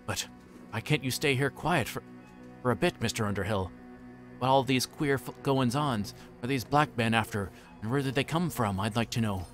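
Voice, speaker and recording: A man's voice: mid-range voice, normal speed, soft background music, lightly acted. A man doing a flustered innkeeper. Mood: scared. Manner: flustered, stammering. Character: anxious stout middle-aged male innkeeper, fussy.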